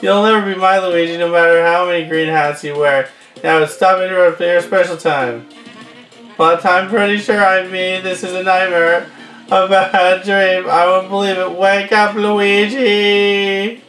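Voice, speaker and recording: A man's voice: sits high, fairly even intonation, a little slow, fairly bright tone. A man voicing a giddy young superfan girl. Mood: indignant. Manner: gushing, breathless squeals and sudden outbursts. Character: giddy young female superfan, obsessive and excitable. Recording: roomy distant mic with game music.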